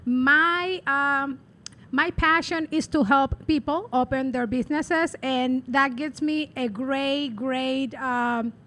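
A woman from the Dominican Republic with a Dominican Spanish accent, a business advisor and guest in an interview, speaking earnestly and cheerfully with some halting pauses. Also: high voice, steady tone, a bit bright.

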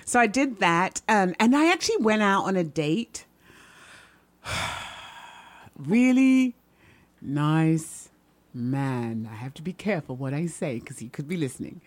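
A middle-aged woman doing stand-up, telling stories in a chatty, animated way and often asking the audience "right?". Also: on the low side, fairly quick. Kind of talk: stand-up storytelling.

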